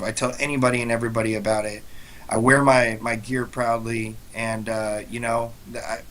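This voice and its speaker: A man's voice: mid-range voice, bright, forceful tone, poor audio. A young man co-hosting a casual podcast, speaking in an earnest, heartfelt way with many "you know"s. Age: young adult. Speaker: guest co-host.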